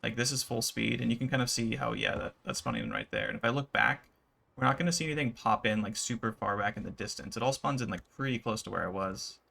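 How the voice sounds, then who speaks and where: Gaming YouTuber, male, gravelly, mid-range pitch, loose rambling commentary over gameplay. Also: quick pace. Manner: relaxed, rambling, many fillers.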